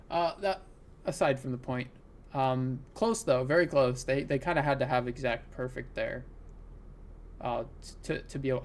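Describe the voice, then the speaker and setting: A man's voice: mid-range voice, slight background noise. A man commenting on his own card game as he plays, thinking aloud and groaning at bad luck. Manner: talks through plays, exasperated, laughing groans. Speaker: gaming content creator. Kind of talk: live gameplay commentary.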